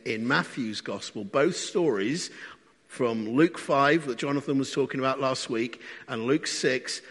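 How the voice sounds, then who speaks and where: A man's voice: medium pitch, a bit bright, husky. A man preaching a sermon in a conversational way, often asking the congregation questions. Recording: long hall reverb.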